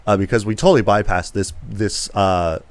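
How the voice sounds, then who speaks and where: Casual young man with a smooth voice. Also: on the low side, normal speed, no room sound. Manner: rambling, filler-heavy, acts out quotes. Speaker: podcast co-host. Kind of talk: casual movie review chat.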